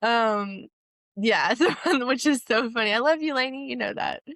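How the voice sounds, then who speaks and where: A woman's voice: a little high, moderate pace, a bit bright, no room sound. Giggly, swearing woman podcaster, dry close mic. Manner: giggly, swears freely, upbeat. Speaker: podcast co-host. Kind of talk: casual podcast chat.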